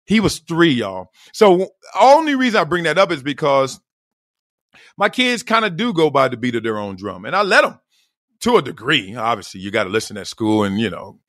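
Middle-aged male podcast host, animated storyteller who laughs often, with a wide pitch range and a dry, close sound. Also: a little fast, no room sound. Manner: animated, acts out quoted voices, laughs often. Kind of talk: casual storytelling monologue.

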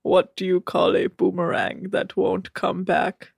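A woman doing a slow, low, droning impression of a gloomy deadpan young man who seems as lifeless as a walking coffin. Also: creaky, breathy edge, no echo, studio quality, exaggerated voice.

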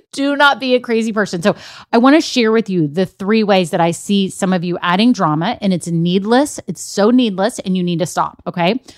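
A woman's voice: mid-range voice, normal speed, no room sound, clean studio sound. A young adult woman hosting a business podcast in an upbeat, emphatic way. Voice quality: bubbly, emphatic, animated. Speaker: podcast host.

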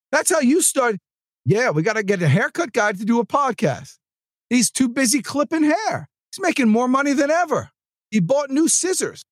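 A man hosting a sales podcast, giving an energetic, joking pep-talk monologue into a close mic. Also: extremely high pitch, dry recording.

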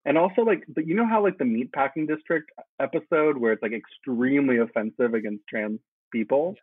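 A man chatting as a guest, animated and laughing, with lots of "like" in his speech. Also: medium pitch, brisk, slightly rough, no echo. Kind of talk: casual podcast chat. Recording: tinny phone-like line.

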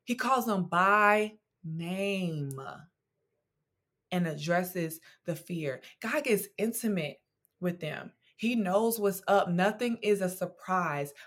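A young woman hosting a devotional podcast, teaching from scripture in a conversational, animated way with casual slang and playful asides. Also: medium pitch.

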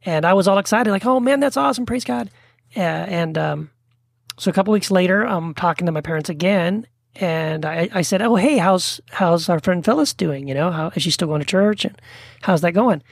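Man from texas, lively storyteller, dry close sound, casual podcast chat. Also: high voice, moderate pace, gravelly, dry recording. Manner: animated storyteller, acts out quotes. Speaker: podcast guest, author. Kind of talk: casual conversation.

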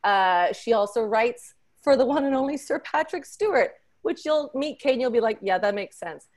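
A woman hosting a podcast, introducing a panel with effusive, excitable energy and playful teasing. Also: high voice, moderate pace. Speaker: podcast host.

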